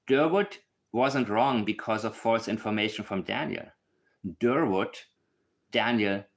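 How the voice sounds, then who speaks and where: A man hosting a livestream, talking in an emphatic, blunt way with asides to his viewers. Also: fairly low pitch. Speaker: channel host analyzing a case. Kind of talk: casual livestream commentary.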